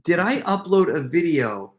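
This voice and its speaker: A middle-aged man hosting a casual live Q&A, telling stories in an excitable, rambling way full of quick asides. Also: a little high. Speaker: prank video creator hosting a live Q&A. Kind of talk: casual livestream chat.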